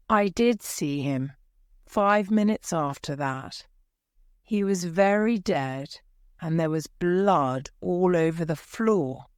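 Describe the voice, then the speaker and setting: Woman reading a storybook for English learners, slow clear delivery, low voice. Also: lively intonation, no echo, clean studio sound. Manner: clear, deliberate, dramatic. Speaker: story reader.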